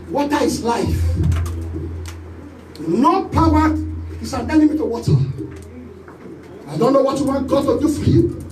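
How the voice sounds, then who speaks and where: Nigerian pastor, very high lively voice, preaching in a roomy hall, mic a little distant, faint ambience behind. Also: male voice. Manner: preaching with sweeping pitch and shouted calls. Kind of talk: sermon. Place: church hall. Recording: echoey church hall, voice from off-mic.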